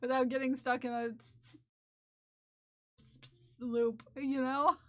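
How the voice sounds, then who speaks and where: A woman streamer with a fairly high voice, talking slowly and playfully to her chat and giggling often. The sound is dry and close, with no room echo. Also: flat delivery, fairly bright tone. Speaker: live streamer. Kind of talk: casual livestream chat.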